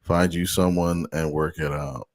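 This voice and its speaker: A man's voice: deep voice, fairly even intonation, unhurried. A man co-hosting a sports podcast, chatting casually in short, agreeable replies. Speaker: podcast co-host.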